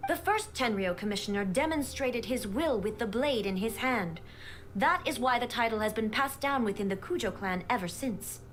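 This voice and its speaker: An actress playing a stern, commanding female ruler in a game, speaking in a cold, formal and measured way. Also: fairly high pitch, expressive, a little hiss or hum, close to an everyday voice. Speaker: game character.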